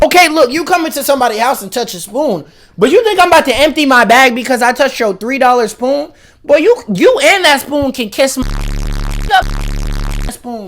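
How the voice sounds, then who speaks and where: A man hosting a reaction video, giving loud, incredulous, slang-heavy comedic commentary. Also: very high-pitched, expressive, normal speed, slight background noise.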